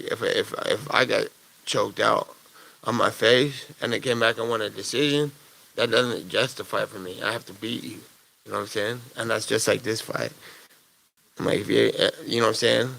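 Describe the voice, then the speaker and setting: A man's voice: medium pitch, gravelly, bright, forceful tone. A man, a fighter, answering press conference questions in a blunt, profane, rambling way.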